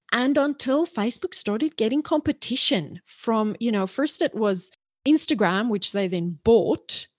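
A chatty woman from South Africa whose accent blends South African, British and Australian sounds. She talks as a podcast guest in an animated, playful way, and the sound is close and dry. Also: mid-range voice, no room sound. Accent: mixed South African, British and Australian. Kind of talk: podcast interview.

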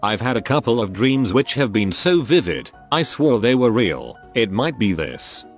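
A man narrating a string of short eerie stories in an even, steady reading voice. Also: mid-range voice, normal speed, soft background music. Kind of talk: reading online stories aloud.

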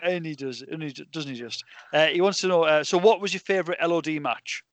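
A man hosts a podcast, talking at a fairly high pitch for a man. His voice is dry and close to the mic, and he chats freely while reading out listener questions. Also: fast, no echo. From Newcastle, England. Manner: chatty, laughs often, reads out listener questions. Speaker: podcast host. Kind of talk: casual podcast chat.

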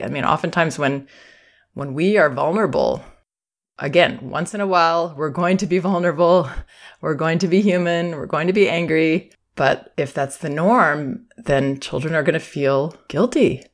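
Woman, podcast host, calm and reassuring parenting-advice talker. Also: sits low. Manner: warm, reassuring, acts out quoted phrases. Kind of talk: advice talk.

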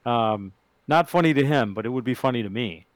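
A man in a casual Bible study, asking questions and reacting in an animated way. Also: mid-range voice, brisk, no echo.

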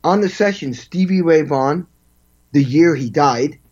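A man spins animated stories about his work as a drummer, slipping into quoted voices and scatting the beats. His voice sits a bit high for a man. The recording sounds dull and lo-fi. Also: unhurried, breathy edge. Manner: animated, acts out quotes and vocalizes drum parts. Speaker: guest, session drummer. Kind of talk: storytelling interview.

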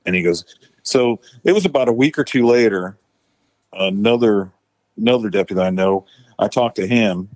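A man's voice: on the low side, normal speed, darkish tone, no room sound. A man, a former tow truck driver, telling a rambling, profane story full of fillers and restarts. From Florida Panhandle, US. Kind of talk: casual storytelling.

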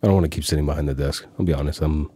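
A man's voice: extremely low pitch, racing, mellow, slightly rough, no echo. A young man who does voiceover and sound editing, talking casually and laughing easily as he slips into accent impressions. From Cyprus. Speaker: voiceover artist and sound editor. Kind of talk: casual conversation.

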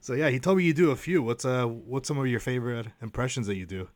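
A man's voice: mid-range voice, quick pace, no echo, clean studio sound. A man hosting an interview, asking questions and responding with brief, encouraging interjections. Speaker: podcast host. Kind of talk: casual interview chat.

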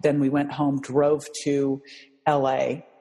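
A woman's voice: a bass voice, takes it slowly, long reverb tail, poor audio. A mother telling an emotional story in conversation, acting out the voices of the people in it and laughing often. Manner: animated, acts out quoted voices, laughs often. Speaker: guest, mother.

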